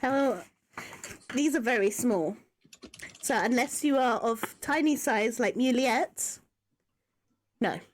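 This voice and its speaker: A woman running a tabletop game as game master, halting as she speaks, with many fillers and restarts. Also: on the high side.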